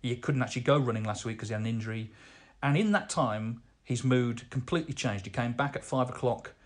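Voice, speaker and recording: A man hosting a podcast, answering listener mail in relaxed, conversational chat with fillers and restarts. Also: medium pitch, fairly quick. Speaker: snooker podcast host.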